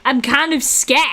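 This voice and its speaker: A woman's voice: high voice, bright, forceful tone. A woman with a British accent chatting casually on a live drawing stream, teasing her viewers, swearing freely and giggling often.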